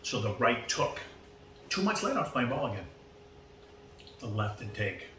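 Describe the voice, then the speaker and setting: A man's voice: mid-range voice, moderate pace. A man in his fifties with a Boston accent, a podcast guest telling long stories and acting out who said what. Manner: animated, acts out quoted exchanges. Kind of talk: casual storytelling. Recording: roomy, distant mic, faint background noise.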